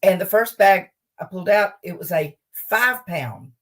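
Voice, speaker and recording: An older woman, a guest humorist, telling a funny story from home in a lively, laughing way. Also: lowish voice, normal speed, recorded from a distance. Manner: animated, laughs as she tells the story. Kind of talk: comic storytelling.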